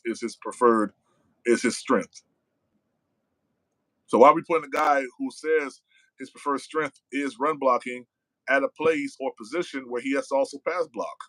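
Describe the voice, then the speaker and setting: A podcast host with a medium-pitched, fairly bright voice runs a casual live-stream, talking loosely and slangily. He reads viewer comments aloud and tacks "man" onto his sentences. The audio is poor but has no echo.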